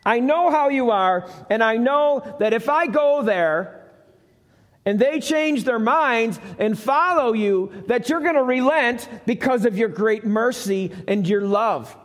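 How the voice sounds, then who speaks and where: A man's voice: very high voice, lively intonation, slow, heavily acted. A man voicing a reluctant, grumbling male prophet in a live church sermon. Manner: sulky, defensive complaining. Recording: long hall reverb.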